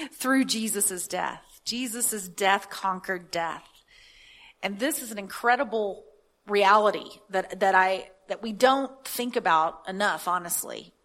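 Slow, emphatic woman preacher. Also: mid-range voice, a bit bright. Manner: slow, emphatic reading with drawn-out words. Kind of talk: sermon with scripture reading.

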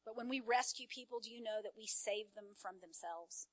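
A middle-aged woman sharing a testimony as a church speaker, in an animated, emphatic storytelling manner. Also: medium pitch, moderate pace, no room sound. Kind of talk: sermon-style testimony.

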